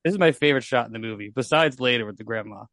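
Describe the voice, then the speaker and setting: A man chatting about a film on a podcast, animated, laughing often and pointing out shots and effects. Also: mid-range voice, very fast, no room sound, clean studio sound. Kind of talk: casual film discussion.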